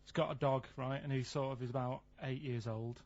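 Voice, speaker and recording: A man on a radio talk show, telling stories in a plain, rambling, deadpan way. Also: mid-range voice, a little fast. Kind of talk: casual radio chat, storytelling. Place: radio studio. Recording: dull lo-fi radio recording.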